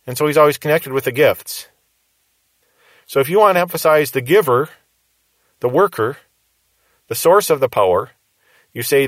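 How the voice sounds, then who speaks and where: A man's voice: mid-range voice, no room sound. A man preaching a verse-by-verse Bible teaching sermon, explaining patiently and repeating key phrases for emphasis.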